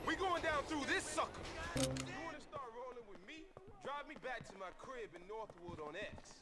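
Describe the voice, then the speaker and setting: A boastful young street hustler, high voiced. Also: male voice, animated, normal speed, loud music behind the voice. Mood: swaggering. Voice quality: heavy street slang, swaggering. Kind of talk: video game dialogue. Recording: game audio under loud noise.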